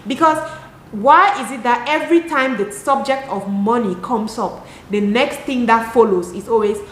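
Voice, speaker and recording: A young Cameroonian woman with a Cameroonian accent, chatting to camera in an animated, exasperated way. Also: fairly high pitch, moderate pace, slight background noise. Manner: animated, talks with her hands, rhetorical and exasperated. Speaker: lifestyle vlogger. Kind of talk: casual chat to camera. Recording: echoey room.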